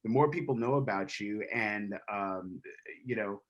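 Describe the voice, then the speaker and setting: A man's voice: on the low side, a little slow, fairly bright tone, muffled recording. A man who works as a DJ and producer, chatting on an online panel in a friendly way and jumping in to add his points. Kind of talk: panel discussion.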